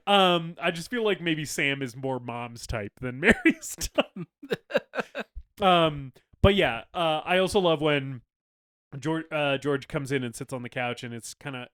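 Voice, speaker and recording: A man's voice: medium pitch, fairly bright tone. A man co-hosting a casual film podcast, retelling scenes with a lot of laughter, acting out characters' lines and swearing casually. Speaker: podcast co-host. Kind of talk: casual film-discussion chat.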